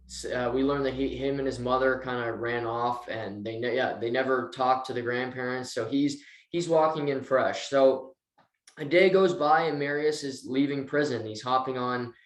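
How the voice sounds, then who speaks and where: Man recapping a show, roomy echo. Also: medium pitch. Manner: animated retelling, acts out quotes. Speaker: podcast co-host. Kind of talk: casual TV recap chat.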